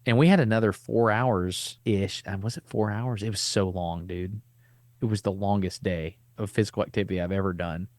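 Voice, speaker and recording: A middle-aged man hosting a podcast, telling a long personal story in a casual, animated way, with easy slang. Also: lowish voice, normal speed, dry recording. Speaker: podcast host.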